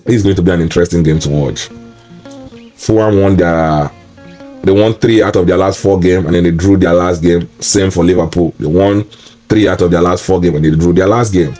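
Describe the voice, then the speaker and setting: A man's voice: low voice, steady tone, normal speed, dark tone, soft background music. A man hosting a solo football preview, ranting in an exasperated, repetitive way. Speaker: football pundit and show host. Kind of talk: solo match preview commentary.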